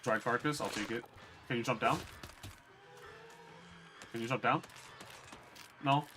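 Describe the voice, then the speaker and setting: Bright-voiced young man streaming a game. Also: mid-range voice, measured pace, slight background noise. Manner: blunt, profane, chatting with viewers. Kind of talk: casual gameplay commentary.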